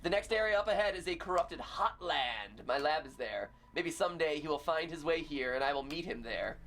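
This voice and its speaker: A man's voice: a little high, a little fast, slight background noise. A man hosting a game livestream, bantering playfully and reading game text aloud. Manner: goofy, animated, breaks into laughter. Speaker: livestream host playing a fan game.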